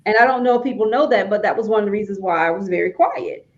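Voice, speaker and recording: A woman with a Southern US accent chats and interviews over a streamed video call. Her mid-range voice is emphatic and now and then leaps up high. The audio is dull and lo-fi. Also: quick pace. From Alabama, US. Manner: chatty, emphatic, rising to high exclamations. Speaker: host, author. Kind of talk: casual interview chat.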